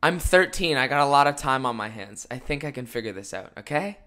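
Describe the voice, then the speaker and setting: Young male podcast host, morning voice, bright tone, rambling comic rants. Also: medium pitch, animated, quick pace. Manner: rambling, jokey, swings between loud rants and mumbled asides. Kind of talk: casual solo podcast chat.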